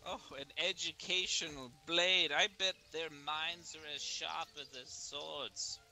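Theatrical man in a bright voice. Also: a little high, slow pace, gravelly, faint music behind. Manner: theatrical, swinging from loud excitement to hushed solemn tones. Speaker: roleplaying torchbearer character. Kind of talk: improvised game role-play.

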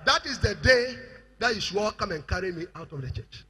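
High, bright-voiced Ghanaian preacher man. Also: expressive, a little fast, breathy edge. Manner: fiery preaching, rising to shouts. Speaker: bishop preaching. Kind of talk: sermon.

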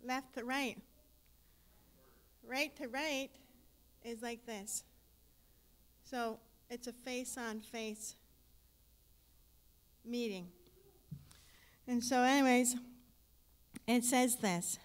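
A woman's voice: a little high, fairly even intonation, extremely slow, long pauses. A woman giving an emotional, hesitant testimony in church, sometimes close to tears. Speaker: guest speaker sharing a testimony.

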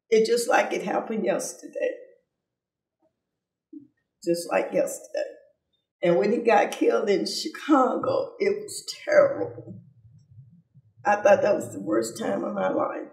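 An older woman gives an emotional personal testimony about her father, halting and tearful, often repeating herself. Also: mid-range voice, a little mellow. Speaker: daughter of a civil rights leader. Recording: roomy sound from far off.

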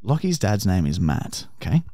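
Excitable, swearing man. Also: low voice, normal speed, creaky, no echo, studio quality. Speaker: podcast co-host. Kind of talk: casual chat.

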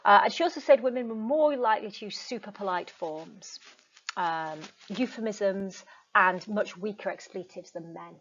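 A woman's voice: medium pitch, moderate pace, fairly bright tone. A woman teacher giving a recorded lecture in a chatty way, with frequent ums and asides. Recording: dull lo-fi recording.

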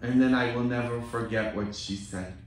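A priest from Poland, preaching a sermon as a story and often turning to the congregation with a questioning "hmm?". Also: male voice, mid-range voice, fairly even intonation, moderate pace, slight background noise. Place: large church. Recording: very echoey church from a distant mic.

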